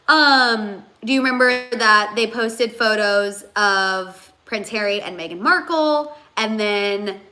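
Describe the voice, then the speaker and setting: A woman's voice: medium pitch, takes it slowly, hardly any pauses, sharp tone. A woman hosting a casual livestream, chatting and rambling with many fillers as she reads out comments, emotional and teary. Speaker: host.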